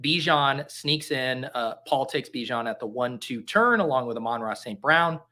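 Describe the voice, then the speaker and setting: A man's voice: mid-range voice, animated, normal speed, sharp tone. A man hosting a casual livestream, joking and reading chat aloud in a mock-earnest way. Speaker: fantasy football streamer. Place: home basement.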